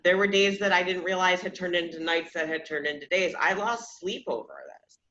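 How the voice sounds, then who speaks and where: A woman's voice: on the low side, a little fast, sharp tone, slight background noise. A woman in her thirties hosting a podcast, telling personal stories in a candid, self-deprecating way and often laughing at herself. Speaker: podcast host. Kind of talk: casual personal storytelling. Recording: slightly dull lo-fi sound.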